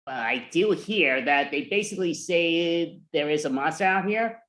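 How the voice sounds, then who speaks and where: A man telling spooky campfire rumors in an improv comedy scene over a video call, animated and mock-scared. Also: a little high, normal speed. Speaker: improv performer.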